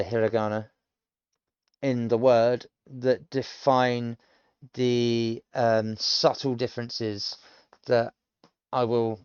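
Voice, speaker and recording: A man's voice: mid-range voice, a little mellow, clean tone, dry recording, highs cut off. A British man in his thirties, a self-taught learner casually thinking aloud and explaining pronunciation, rambling with many ums. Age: 30s. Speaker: language learner streamer. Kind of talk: casual self-study commentary.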